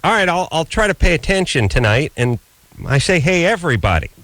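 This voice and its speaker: A man's voice: on the high side, big pitch swings, fairly quick, fairly bright tone, dry recording. A man co-hosting a late-night call-in radio show, in casual, rambling, joking banter that mocks himself. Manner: rambling, joking, self-mocking.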